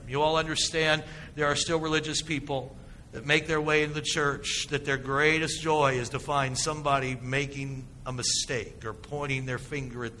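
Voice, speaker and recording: A man preaches a sermon with a high, very bright voice, pressing his points and asking the congregation rhetorical questions. His delivery swings between hushed and emphatic. The sound carries the long reverb of a church sanctuary. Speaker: pastor.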